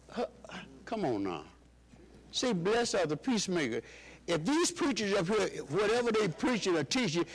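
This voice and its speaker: A man's voice: fairly bright tone, rough recording. A man preaching a sermon to his church, calling out questions for the congregation to answer. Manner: call-and-response preaching, rising and dropping pitch.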